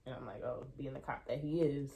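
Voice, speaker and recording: A young adult woman telling a casual storytime, animated and venting, swearing freely as she recounts her irritation. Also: a bass voice, a little fast, creaky.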